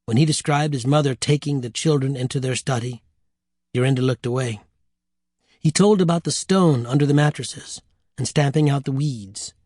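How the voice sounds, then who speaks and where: A man narrating an audiobook with measured, wry storytelling. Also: medium pitch, darkish tone, no echo, clean studio sound.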